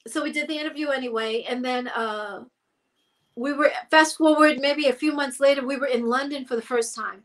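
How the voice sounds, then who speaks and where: A woman, a singer being interviewed, telling a casual story in an animated way and acting out the people she quotes. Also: sits high, moderate pace. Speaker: guest singer.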